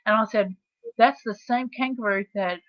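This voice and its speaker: A woman's voice: on the high side, moderate pace, dry recording, dull audio. A woman with an Australian accent co-hosting a livestream, teasing and explaining things at length in casual chat. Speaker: co-host.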